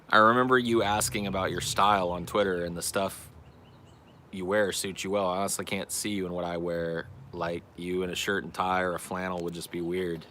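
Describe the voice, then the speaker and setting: Bright-voiced, blunt, swearing man. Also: deep voice, flat delivery, normal speed, a little hiss or hum. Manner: blunt, profane, self-deprecating. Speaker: podcast host answering chat questions. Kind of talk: casual chat.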